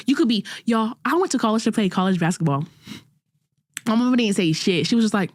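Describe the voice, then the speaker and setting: A woman's voice: mid-range voice, expressive, brisk, a little mellow, no echo, studio quality. Candid slangy young woman podcast host. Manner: candid, slangy and self-critical, with frequent restarts. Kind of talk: casual self-reflective monologue.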